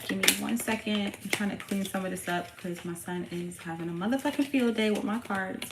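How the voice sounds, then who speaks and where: A woman's voice: medium pitch, a little fast, gravelly. A woman hosting a casual tarot reading at home, talking in a slangy, profane, hyped-up way to her viewers. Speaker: tarot reader and channel host. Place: home room with her young son nearby. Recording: roomy echo with faint background noise.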